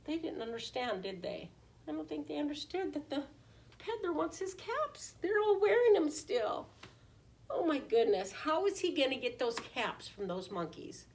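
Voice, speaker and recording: A woman preschool teacher reading a picture book aloud in an animated way, often asking the children questions. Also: sits high, normal speed, a little hiss or hum. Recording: voice distant from the mic.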